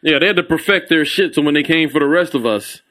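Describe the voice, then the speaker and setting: A male comedian chatting as a podcast guest. His voice is bright and forceful, sitting a little high. He jokes around with a loose, profane, laid-back manner. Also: fast talker. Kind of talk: casual chat.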